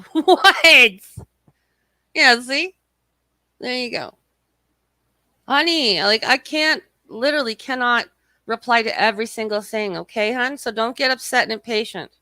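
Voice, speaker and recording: Reading chat aloud on her casual livestream, a woman curses freely and mocks her rivals, rambling profanely. Her voice is a little high, pushed and bright, her throat slightly scratchy, and the audio has no room sound.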